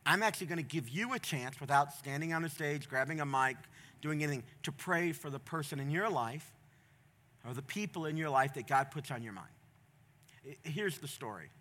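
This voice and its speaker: A middle-aged male pastor preaching a sermon from a church stage, passionate, moving from quiet storytelling to loud, emphatic appeals. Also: on the high side, expressive, brisk.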